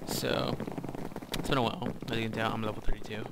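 A man's voice: fairly low pitch, level tone, quick pace, creaky. A young man giving hyper, goofy commentary over his gameplay. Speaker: gamer. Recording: loud background noise.

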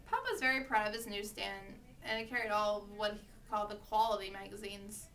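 A woman reading a children's storybook aloud with steady, expressive narration. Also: mid-range voice, brisk, hardly any pauses, recorded from a distance. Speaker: reader.

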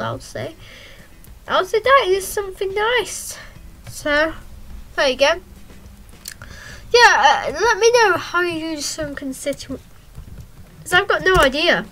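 A woman's voice: very high voice, lively intonation, measured pace, pauses often. A woman giving rambling, hesitant gameplay commentary with lots of ums, breaking into yelps and exclamations as the game action happens. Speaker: gameplay channel host.

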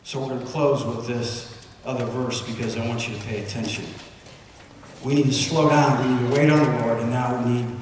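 A man preaching a sermon as pastor, telling stories in an animated way, with repeated words and spoken sound effects. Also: medium pitch, fairly quick, slight background noise. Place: church sanctuary. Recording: echoey hall from far off.

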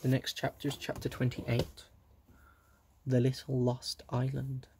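A man reading a children's book aloud, gently, with small asides to his listeners. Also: medium pitch, completely flat delivery, unhurried, a little hiss or hum. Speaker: reader.

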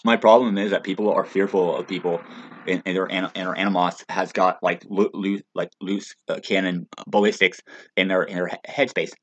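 A man's voice: low voice, fairly even intonation, brisk. Rambling, stammering man on dull audio. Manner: rambling, stammering, profane, with frequent restarts; loud, heated outbursts. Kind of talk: rambling monologue rant. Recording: dull lo-fi recording.

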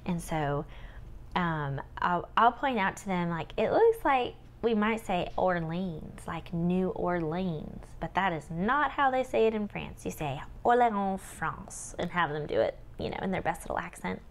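A woman's voice: on the low side, big pitch swings, moderate pace. Homeschool tutor woman explaining lesson plans. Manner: demonstrates classroom prompts in a bright teacherly sing-song. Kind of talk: lesson plan walkthrough.

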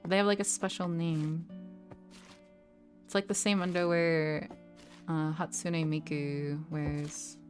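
A woman's voice: deep voice, flat delivery, slow, pauses often, faint music behind. A woman streaming a game from her home desk, chatting casually in a playful, giggly way and often apologizing to her chat.

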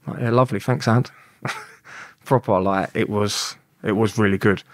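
Young bloke, lowish voice, telling prison stories loud and sweary, dry close sound. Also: male voice, moderate pace, no room sound. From London. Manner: animated, acts out quoted exchanges, blunt and sweary. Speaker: guest. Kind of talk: casual storytelling interview.

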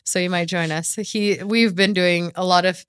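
Lower-voiced female host, chatty and self-deprecating, question-asker. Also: steady tone, moderate pace, clean tone, no room sound. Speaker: podcast host. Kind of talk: casual podcast chat. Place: podcast studio.

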